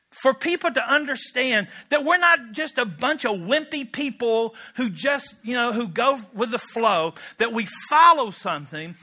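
A man's voice: extremely high pitch, bright, forceful tone. A man preaching a sermon as pastor, emphatic and storytelling, with conversational asides.

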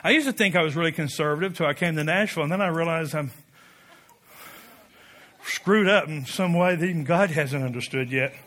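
A man preaching a sermon with passion, building to loud peaks and dropping to quiet asides, leading the congregation in call-and-response. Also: on the high side, brisk. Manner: impassioned, rising to shouted peaks, drops to quiet asides. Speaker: pastor.

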